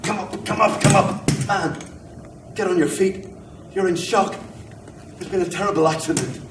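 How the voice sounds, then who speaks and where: A man's voice: high-pitched, measured pace. A man playing a coaxing fire chief in a noisy room. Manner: coaxing, reassuring. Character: kindly take-charge male fire chief. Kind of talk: amateur audio drama. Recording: roomy, distant mic, noisy background.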